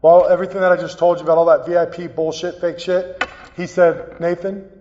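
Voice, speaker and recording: A man giving a personal, earnest recovery talk as a guest speaker, halting and repeating phrases as he tells his story. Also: high voice, level tone, dark tone, a little hiss or hum. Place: meeting hall. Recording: dull, echoey hall recording.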